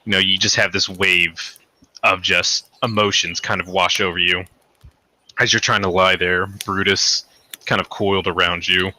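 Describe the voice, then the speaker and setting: A man's voice: low-pitched, flat delivery, moderate pace, sharp tone. A man narrating a tabletop game as game master, rambling with lots of fillers and hedges. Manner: rambling, hedging, many fillers.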